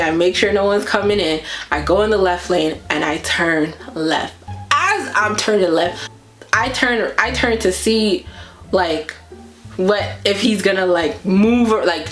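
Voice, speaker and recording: Woman telling a storytime vlog, acts out her reactions, echoey room. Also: mid-range voice. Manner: animated retelling that acts out her own reactions. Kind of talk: casual storytime.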